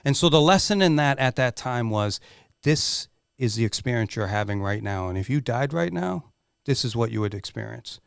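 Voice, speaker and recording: A man's voice: mid-range voice, expressive, moderate pace, gravelly, clear, resonant tone, no echo, clean studio sound. A middle-aged man speaking as a podcast guest, telling a candid personal story in an earnest, emotional way and swearing freely.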